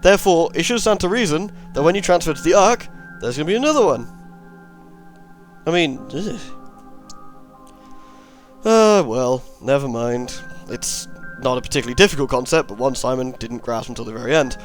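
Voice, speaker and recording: Brief: male gamer, sarcastic and rambling, animated delivery. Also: medium pitch, normal speed, faint music behind. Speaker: let's play host. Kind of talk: gameplay commentary.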